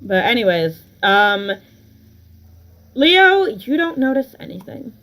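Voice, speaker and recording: Woman, game master, tabletop role-play, casual, unhurried, slow pace. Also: on the high side, very animated, fairly bright tone, low-quality recording.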